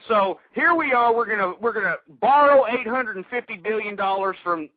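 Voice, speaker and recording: A man's voice: high-pitched, normal speed, no room sound. A man hosting a political talk radio show, ranting angrily and hurling insults at his listeners. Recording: tinny phone-like radio audio.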